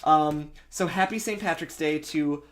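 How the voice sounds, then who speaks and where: An excitable podcast co-host chats casually about fan fiction. The voice sits at a middle pitch and gushes with enthusiasm, and the host often stumbles and restarts sentences. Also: unhurried, slight background noise. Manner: gushing, excitable, frequent restarts and laughter.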